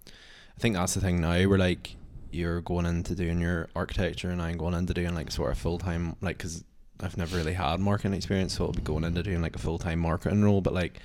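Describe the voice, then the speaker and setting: A man's voice: sits low, flat delivery, fast talker, a little mellow, slight background noise. A young man, co-hosting a podcast in casual, rambling chat full of "like". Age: young adult. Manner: rambling, heavy use of "like". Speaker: podcast co-host.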